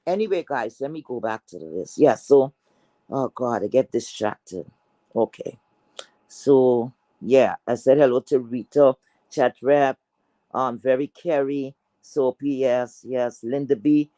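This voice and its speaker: A woman with a Caribbean accent hosting a livestream, ranting hard, cursing and repeating herself, jumping between shouts and low mutters. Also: a little slow. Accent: Caribbean English. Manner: loud, cursing, repeats phrases, swings between yelling and muttering. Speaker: livestream host. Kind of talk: heated livestream rant.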